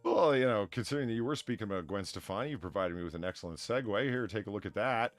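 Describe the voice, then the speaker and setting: A man's voice: fairly low pitch, animated, fast talker, dry recording, soft background music. A man hosting a livestream podcast, chatting casually and animatedly with fillers and laughs. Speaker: podcast host.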